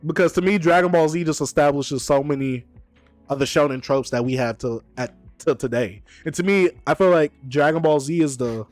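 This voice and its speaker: A man hosting a stream in casual chat, animated and teasing, quick to argue his point. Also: a little high, no echo, faint music behind. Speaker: streamer host.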